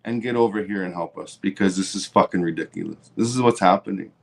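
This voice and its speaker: A man's voice: low-pitched, fast, vocal fry. A Canadian man hosting his own show, ranting angrily and swearing heavily, now and then mocking others in sarcastic voices. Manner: profane and heated, mocking voices. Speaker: livestream host. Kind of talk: angry political rant.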